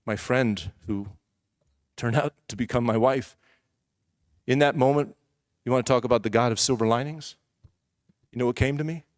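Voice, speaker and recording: A man's voice: medium pitch, moderate pace, long pauses, no room sound, clean studio sound. A man preaching a sermon as a personal testimony, telling his story candidly and conversationally with asides to the congregation. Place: church.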